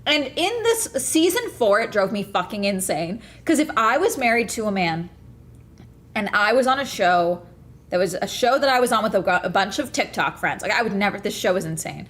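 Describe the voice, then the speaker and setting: A woman's voice: medium pitch, lively intonation, moderate pace, fairly bright tone. A woman streamer chatting casually to her viewers, ranting hard and swearing a lot. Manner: ranting, profane, fired up. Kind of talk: casual livestream chat.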